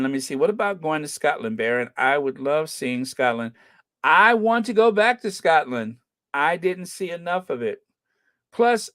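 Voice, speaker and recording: Middle-aged guy rambling and joking about places he wants to go, normal pitch, dry dead room. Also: no room sound. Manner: rambling, joking and musing aloud. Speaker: travel vlogger. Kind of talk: casual chat.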